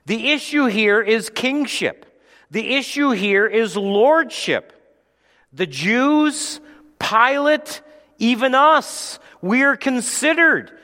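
A man preaching a sermon as pastor, swinging between loud, forceful preaching and hushed storytelling, in a church sanctuary. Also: very high voice, animated, slow pace. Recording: long hall reverb.

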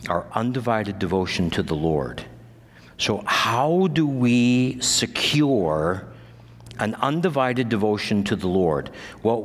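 A man preaching a sermon as a pastor, his voice climbing high on key phrases and dropping to a low, confiding tone for personal stories. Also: long reverb tail.

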